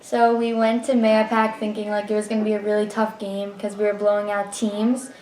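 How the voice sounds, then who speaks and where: A woman's voice: medium pitch, completely flat delivery, a little fast, roomy sound, heavy background noise. A young woman and former player, casually recalling games in an interview. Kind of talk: interview recollection.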